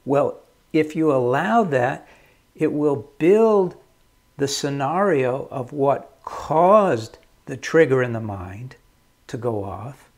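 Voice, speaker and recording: Slow, husky-voiced man giving advice. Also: mid-range voice, animated. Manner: slow, measured, repeats key phrases. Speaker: marriage counselor. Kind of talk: calm advice talk.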